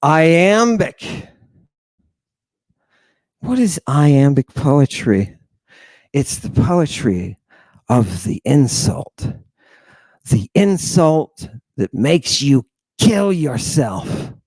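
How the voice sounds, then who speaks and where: A man's voice: fairly high pitch, big pitch swings, very slow, pauses often, darkish tone, no room sound. Theatrical, emphatic male lecturer. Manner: emphatic, repeats key words, fires rhetorical questions. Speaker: lecturer and host.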